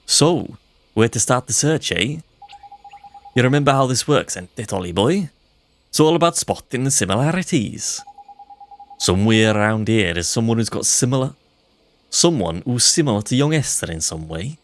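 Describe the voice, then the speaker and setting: A man's voice: mid-range voice, animated, moderate pace, pitched above the performer's own voice, natural voice. A man voicing a chatty male fairy sidekick in a hammy, put-on Northern English accent, reading game dialogue live. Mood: coaxing.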